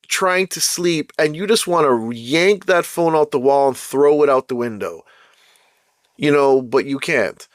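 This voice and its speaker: A man rants straight to his viewers in a casual vlog, exasperated and circling back to the same points. His voice sits a little high for a man, and the sound is dry and close with no room around it. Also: no echo. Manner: exasperated, ranting, repeats "bro" and "like". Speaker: vlogger. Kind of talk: casual ranting monologue.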